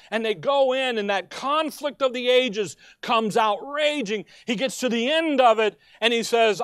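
A high-pitched man preaches a sermon with a clear, resonant voice, recorded close and dry. He swings between hushed asides and loud, impassioned cries as he reads scripture aloud. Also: moderate pace, no room sound. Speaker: pastor.

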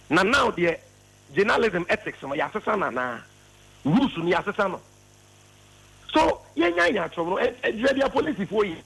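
A man's voice: high-pitched, gravelly, a bit bright, breathy edge, low-quality recording. A Ghanaian man arguing a political point on a radio call, emphatic and repeating words for stress. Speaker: party spokesman on a radio phone-in. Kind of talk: impassioned political argument.

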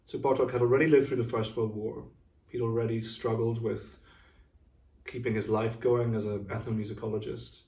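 A middle-aged orchestra music director explains a program in a casual, thoughtful chat, occasionally singing rhythms aloud. His medium-pitched voice is flat and dark-toned at a moderate pace, picked up off mic in a roomy space.

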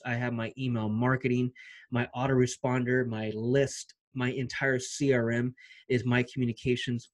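Fired-up man giving a hustle pep talk. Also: medium pitch. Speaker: online marketing vlogger. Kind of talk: energetic motivational vlog talk.

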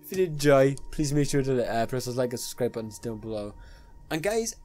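A man's voice: mid-range voice, animated, brisk, darkish tone, soft background music. A young man giving let's play commentary on a horror game, nervous and jumpy, pleading aloud with the game's characters. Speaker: gaming YouTuber.

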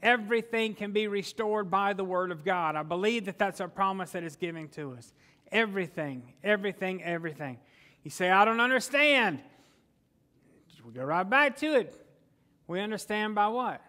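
A man's voice: sits high, lively intonation, normal speed, bright, forceful tone. A man preaching a sermon as pastor, conversational, often asking the congregation questions and answering them himself.

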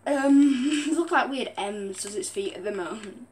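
A woman's voice: a little high, expressive, unhurried, darkish tone. A young woman on a headset mic, rambling through casual game commentary and often breaking into giggles. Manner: giggly, rambling, keeps apologizing for laughing. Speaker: gaming vlogger.

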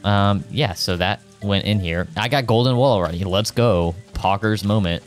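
A man's voice: lowish voice, normal speed. A man streaming a farming game, giving casual, jokey commentary full of slang and the odd swear. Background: game music.

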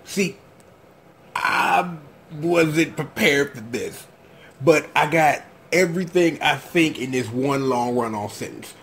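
A man hosting his own casual reaction commentary, slangy and rambling, breaking into high-pitched shouts of disbelief. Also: slow, slight background noise. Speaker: show host.

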